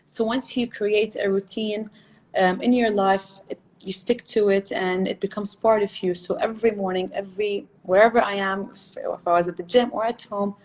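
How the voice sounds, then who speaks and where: A woman's voice: mid-range voice, fairly even intonation, moderate pace, a little mellow, slight background noise, rough recording. A woman fitness trainer answering interview questions, laughing often and using many fillers.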